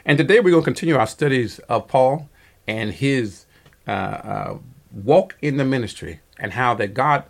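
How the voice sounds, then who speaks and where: Gravelly husky pastor preaching haltingly. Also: male voice, medium pitch, lively intonation. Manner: halting delivery, frequent fillers and self-corrections; earnest, rising emphasis on exhortations. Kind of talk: radio-style sermon with Bible study.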